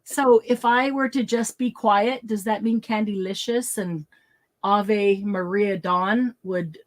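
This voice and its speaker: A woman hosting a craft livestream in casual chat, bubbly and quick to laugh, greeting viewers by name. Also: mid-range voice, steady tone. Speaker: craft show host.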